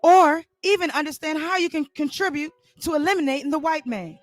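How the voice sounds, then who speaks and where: A man's voice: very high-pitched, fairly quick, no echo, soft background music, voice pushed up. A man voicing a grandstanding male leader rallying a crowd in a comic spoken story.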